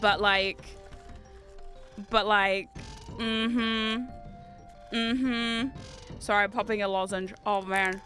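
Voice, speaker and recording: A woman's voice: mid-range voice, flat delivery, a little slow, long pauses, pushed and bright, soft background music. A young woman with a New Zealand accent, chatting casually and swearing freely while streaming a game. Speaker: VTuber streamer. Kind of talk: casual gaming stream chat.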